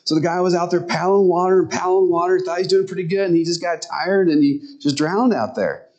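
A man's voice: sits high, a little mellow, dull audio. Earnest conversational male preacher. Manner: conversational and earnest, pace speeding and slowing; tells stories and acts out quotes. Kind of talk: sermon.

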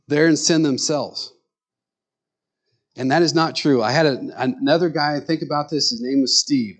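A man's voice: on the high side, moderate pace. Man preaching in a frank, storytelling way. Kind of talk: sermon told as personal stories. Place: small rural church.

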